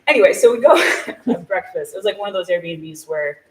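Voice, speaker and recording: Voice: mid-range voice, animated, brisk, fairly bright tone, slight background noise. A guest telling a personal story at a live event, chatty and full of fillers, laughing often. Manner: chatty, filler-heavy with frequent "like". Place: small shop hosting a live event. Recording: echoey room, voice from a distance.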